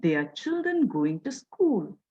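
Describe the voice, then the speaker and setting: A woman teacher with an Indian English accent, explaining a children's lesson in a lively storytelling manner. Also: mid-range voice, measured pace, husky. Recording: dull lo-fi audio.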